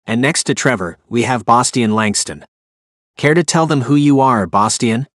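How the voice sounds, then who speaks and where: A man voicing a genial, businesslike wealthy host in an audiobook, with a smooth delivery. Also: medium pitch, moderate pace, a bit bright, no echo, studio quality, close to an everyday voice. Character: smug wealthy male host, genial and brisk.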